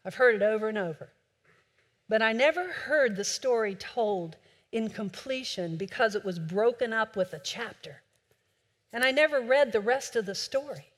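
A woman preaching a sermon with impassioned delivery, swinging between loud urging and a soft hush. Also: on the high side. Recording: long hall reverb.

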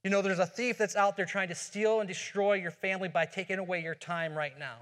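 A man's voice: sits high, fairly even intonation, brisk, fairly bright tone. A man preaching a sermon as pastor, earnest, asking rhetorical questions and often restarting his phrases. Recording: long hall reverb.

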